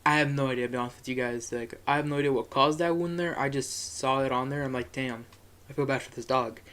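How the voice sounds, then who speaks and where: A man's voice: medium pitch, steady tone, fast, a bit bright. A young man telling a rambling, profane story in a casual monologue, chuckling as he goes.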